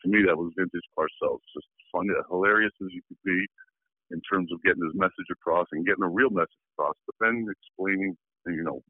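A man's voice: low voice, brisk, no echo. A man in his sixties, a former football player, telling a long story in a rambling way, full of fillers and restarts, as a guest on a phone interview. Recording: tinny phone line.

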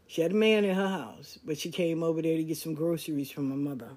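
A podcast host telling a family story in a relaxed, conversational, slangy way. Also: mid-range voice, fast talker. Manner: conversational, relaxed, slangy, with lively quoted dialogue. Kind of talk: casual storytelling monologue.

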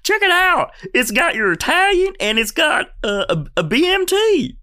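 A chipper alien fellow , as a man puts him on, chatters in a squeaky, excited voice far above his usual register. He sounds eager and friendly, like a cartoon visitor sharing lunch. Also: moderate pace, heavily acted. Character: cheery male alien offering sandwiches.

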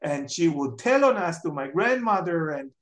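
This interview features an Israeli memoir author sharing family stories at a moderate pace in a mid-range voice with a roomy sound. Animated throughout, the speaker acts out each quoted family member.

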